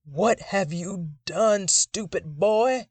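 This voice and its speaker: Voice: medium pitch, a little fast, husky, no echo, pitched above the performer's own voice, lightly acted. A narrator as a roaring old preacher. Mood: angry. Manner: roaring demands, turning to frail pleading. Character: old, frail, furious backwoods preacher man. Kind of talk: dark literary short story reading.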